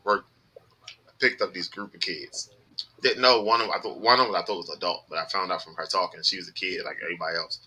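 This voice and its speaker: A man telling rideshare-driving stories on a podcast, animated and full of profanity. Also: low-pitched, quick pace, slightly rough, poor audio. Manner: animated storytelling, heavy profanity. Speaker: podcast host, rideshare driver. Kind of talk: casual chat.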